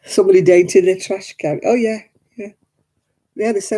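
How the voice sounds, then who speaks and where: A woman from Oldham with a softened northern English accent, chatting casually on her crafting video and laughing often. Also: mid-range voice, fairly even intonation, normal speed. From Oldham, England. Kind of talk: casual chat.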